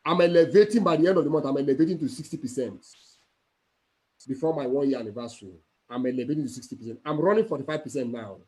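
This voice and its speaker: A man's voice: mid-range voice, fast, dark tone. A man from Nigeria giving an emphatic, repetitive motivational speech as a network marketing mentor over a video call.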